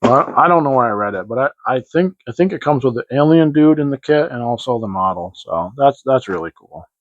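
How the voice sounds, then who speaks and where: A man's voice: mid-range voice, animated, a little fast, no room sound. A man hosting a casual model-kit show-and-tell vlog, rambling and hesitant, with many fillers and restarts. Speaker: hobby model-kit channel host. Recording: dry, slightly dull lo-fi sound.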